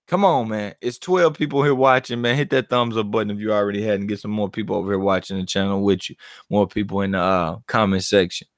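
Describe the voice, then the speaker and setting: A man's voice: on the low side, fast, no echo, studio quality. A man hosting his own channel, giving casual, profane, laughing commentary on boxing. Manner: animated, profane, laughing banter.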